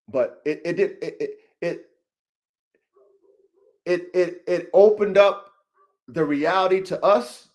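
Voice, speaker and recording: A man hosting a show about his dogs, ranting profanely to viewers, swinging from low mutters to heated shouting, with repeats and restarts. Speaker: podcast host and dog breeder. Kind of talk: rant to viewers.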